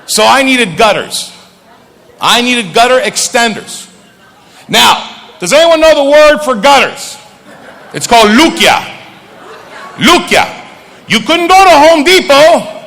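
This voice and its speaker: Animated male stand-up with a bright voice. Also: very high voice, a little slow, creaky, long pauses. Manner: animated storytelling, switches into Greek. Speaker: stand-up comedian. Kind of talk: stand-up comedy. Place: comedy stage. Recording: reverberant stage hall, faint ambience.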